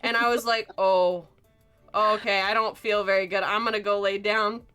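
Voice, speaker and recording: A young woman streamer telling a story in casual chat while she draws, animated, full of fillers and swearing. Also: mid-range voice, moderate pace, smooth, faint music behind.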